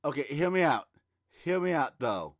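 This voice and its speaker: A man's voice: a little high, sing-song, normal speed. A man co-hosting a comic book podcast in casual chat, tossing in dry wisecracks. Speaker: podcast co-host.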